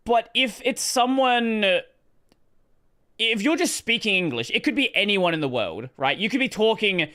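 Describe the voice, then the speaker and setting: Bright high-voiced Australian man, blunt. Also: lively intonation, normal speed. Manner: blunt, rambling, laughs often. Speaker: streamer. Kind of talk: casual commentary with swearing.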